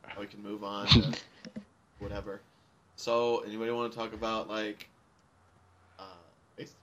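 A man's voice: fairly low pitch, flat delivery, moderate pace, fairly bright tone. A man co-hosting a casual group chat, rambling along and swearing freely. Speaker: podcast co-host.

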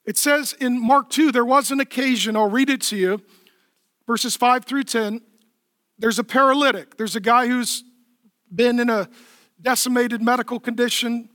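A man's voice: extremely high pitch, steady tone, moderate pace, a bit bright, dry recording, clean studio sound. A man preaching a sermon as pastor, emphatic and conversational, asking the crowd questions and answering them himself.

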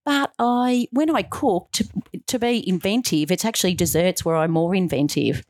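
A woman's voice: fairly low pitch, moderate pace, no room sound, studio quality. A middle-aged woman being interviewed as a guest, telling her story in an earnest, heartfelt way and acting out the dialogue she quotes. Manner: animated, acts out quoted dialogue.

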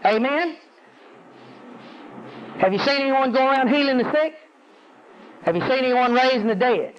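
A man preaching a sermon, calling out to the congregation and climbing to high, intense peaks. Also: lively intonation, normal speed, slight background noise. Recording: dull lo-fi audio.

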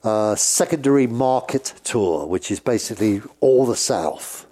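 An older Englishman with a British accent and a mellow, dark tone spins long road stories. He drifts and restarts as he goes, in an easy, casual flow. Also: lowish voice, expressive, unhurried. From England. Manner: rambling anecdotes with frequent restarts. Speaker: guest, former road manager and sound engineer. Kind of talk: casual storytelling.

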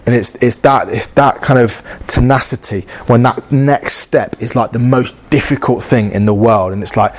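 A man's voice: mid-range voice, normal speed, hardly any pauses. A man preaching a sermon in an earnest, conversational way, often acting out inner dialogue and repeating phrases.

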